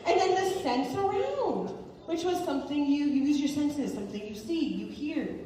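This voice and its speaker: High-voiced animated woman in a hall. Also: moderate pace, slight background noise. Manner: animated, playful, talks to kids. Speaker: host and parent panelist. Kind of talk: lively family event presenting. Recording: echoey hall from far off.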